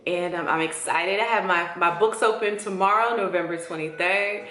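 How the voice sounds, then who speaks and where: A woman, talking to viewers in a casual vlog, excited, heartfelt and chatty. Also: fairly low pitch, moderate pace. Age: 40s. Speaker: esthetician. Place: her empty new salon studio. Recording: echoey room with faint music.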